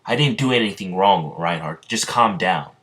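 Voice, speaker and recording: Guy putting on a panicky young hero, low voice pushed higher, urgent and pleading. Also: animated, normal speed, fairly bright tone. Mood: defensive.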